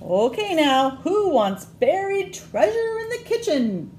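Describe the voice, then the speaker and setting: Storybook pirate mommy, put on by a woman: bossy, cheerful, sing-song, unhurried, with a roomy echo. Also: very high voice, very animated, darkish tone, a little hiss or hum, pitched above the performer's own voice, full character voice. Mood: cheery.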